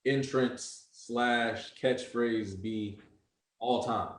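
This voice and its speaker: A man with a mid-range voice chats casually, teasing his friends and pausing on fillers. His voice has a roomy echo. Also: medium pitch, steady tone. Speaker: podcast panelist. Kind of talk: casual chat.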